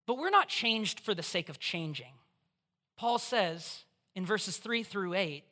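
A preacher giving a conversational, animated sermon in church, putting questions straight to the listeners. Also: medium pitch. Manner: acts out voices in quotes.

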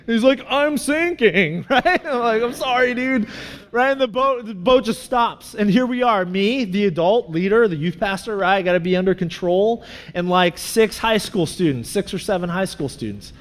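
A man with a notably high voice gives a sermon in a relaxed, chatty way, drifting through asides and "like"s as he tells a story. His voice carries a long reverb from the hall around him. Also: moderate pace, hardly any pauses. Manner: casual, storytelling, many fillers and asides. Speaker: pastor.

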